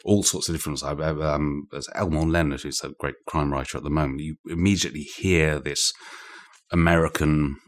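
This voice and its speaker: Deep-voiced British man explaining. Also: steady tone, brisk. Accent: British English. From Britain. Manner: thoughtful, digressive, frequent restarts. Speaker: author and interview guest. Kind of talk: conversational explanation. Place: indoor room shared with the host.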